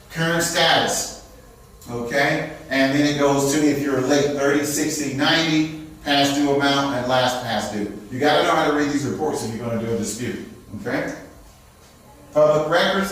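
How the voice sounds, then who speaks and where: Recorded at a distance in a very echoey room, this live seminar lecture on credit repair comes from a man whose mid-range voice is a bit bright. He keeps checking with his audience after almost every point with frequent "okay?" and "all right?".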